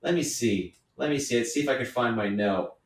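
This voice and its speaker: A man's voice: mid-range voice, a little fast, a little hiss or hum. A young man from California, co-hosting a podcast in casual, rambling, jokey chat. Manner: laid-back, rambling, jokey. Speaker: podcast co-host. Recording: echoey room.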